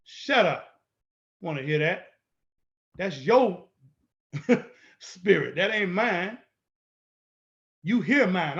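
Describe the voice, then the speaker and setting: High-voiced guy lecturing hard, keeps repeating himself, kinda muffled lo-fi audio. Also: a bit bright. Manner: emphatic, repetitive, bold and confrontational. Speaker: instructor. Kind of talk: lecture-style video walkthrough.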